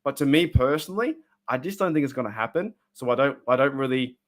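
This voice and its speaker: An Australian man streaming from his room, ranting bluntly about his team, his voice rising loud and dropping to a mutter. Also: mid-range voice, expressive, fast. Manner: fired-up, blunt, swings between loud and muttered. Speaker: sports fan streamer. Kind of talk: emotional live-stream rant.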